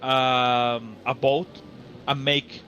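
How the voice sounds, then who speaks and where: A man co-commentating a race in casual chat, halting and restarting with non-native phrasing. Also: mid-range voice, level tone, fairly bright tone, lo-fi sound, a little hiss or hum.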